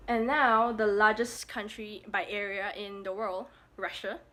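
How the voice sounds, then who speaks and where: A woman's voice: medium pitch, steady tone, unhurried, fairly bright tone, slight background noise. Playful young woman practising pronunciations. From Malaysia. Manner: playful, self-mocking, repeats words to practise them. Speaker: vlogger. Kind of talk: casual pronunciation vlog.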